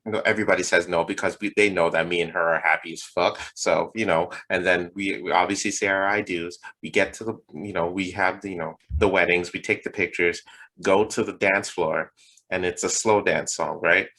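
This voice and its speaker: Forceful low-voiced man, profane and rambling. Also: brisk, rough recording. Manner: profane, rambling, animated storytelling. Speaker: podcast co-host. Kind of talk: casual comedic chat.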